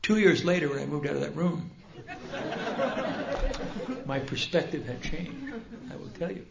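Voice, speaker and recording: A gravelly, fairly high voice from an older man who tells his own story with wry, self-mocking humor and lively bursts. He speaks to a large meeting hall, and the dull, roomy recording echoes around him. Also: moderate pace, over a noisy crowd, very noisy. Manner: humorous, self-deprecating and animated. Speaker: speaker at a recovery convention. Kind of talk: personal storytelling talk.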